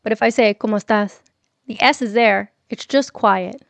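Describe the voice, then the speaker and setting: A woman's voice: a little high, normal speed, gravelly, no echo. A woman hosting a casual morning livestream from home, chatting with viewers and reading their messages aloud, laughing often. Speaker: livestream host.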